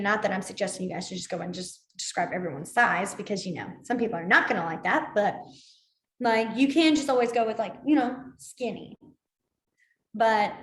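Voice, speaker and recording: A chatty woman with a somewhat high voice leads a beginner sign language class. She wanders through asides and fills pauses with ums and likes. The sound carries a clear echo from the room. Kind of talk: casual spoken class instruction. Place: library classroom. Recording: echoey room.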